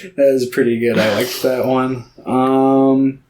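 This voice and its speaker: A man's voice: medium pitch, a little hiss or hum. Laid-back guy just chatting on a podcast, lots of ums and asides. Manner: relaxed, trails off with fillers and quick asides. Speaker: podcast co-host. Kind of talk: casual chat about anime.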